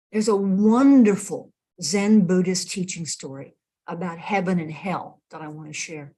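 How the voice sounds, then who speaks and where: A woman minister giving a sermon, telling a teaching story in a slow, expressive way. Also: fairly low pitch.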